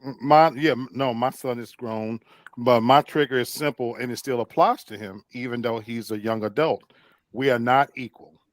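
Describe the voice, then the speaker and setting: A man on a casual talk panel who talks haltingly but makes his point firmly. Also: mid-range voice. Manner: halting, stumbling start, firm point.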